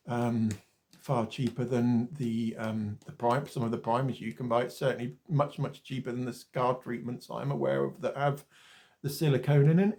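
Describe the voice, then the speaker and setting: A Welsh skincare vlogger in his forties chats to the camera during a casual demonstration. His voice is gravelly, mellow and mid-range, and he rambles, drifts off topic and swears mildly.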